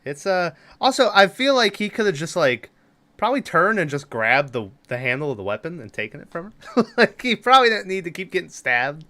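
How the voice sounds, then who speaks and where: A man's voice: sits high, very animated, fairly quick, bright, forceful tone. A man co-hosting a podcast, giving a rambling, casual movie recap, swearing and laughing often. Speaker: podcast co-host.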